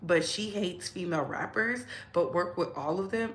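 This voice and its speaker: A woman's voice: fairly low pitch, moderate pace. A woman hosting a casual gossip commentary channel, chatting and reading posts aloud to her viewers. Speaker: host. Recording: echoey room, faint noise.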